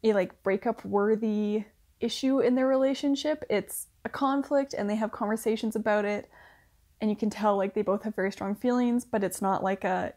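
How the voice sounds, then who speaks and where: A woman's voice: mid-range voice, normal speed, a little mellow. A young woman reviewing a TV series in casual chat, talking with lots of "like" fillers and small laughs. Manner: chatty, filler-heavy with frequent "like", laughing asides. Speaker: book reviewer.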